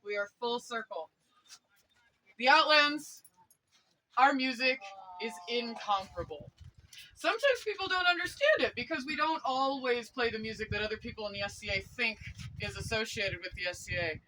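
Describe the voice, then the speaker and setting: Excitable woman talking to a crowd outdoors, bright voice, laughs a lot. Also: a little high, moderate pace, slight background noise, low-quality recording. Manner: excitable, laughs often, breaks into quoted exclamations. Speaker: speaker at a medieval society court. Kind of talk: enthusiastic public address.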